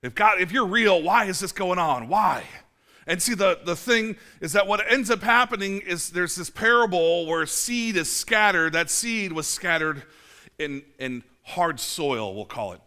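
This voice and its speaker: Bright-voiced pastor in his forties. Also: on the high side. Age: 40s. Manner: casual, chatty, many fillers and restarts, dry self-mocking asides. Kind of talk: conversational sermon. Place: church.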